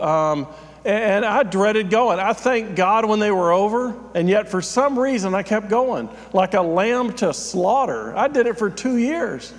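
A man's voice: high-pitched, in a large hall. A man, a pastor, giving a conversational, self-deprecating sermon with frequent fillers.

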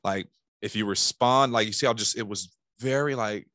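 A man's voice: on the low side, moderate pace, a bit bright, no echo, clean studio sound. A man giving casual sales coaching, talking animatedly and acting out phone calls in bursts. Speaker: sales trainer.

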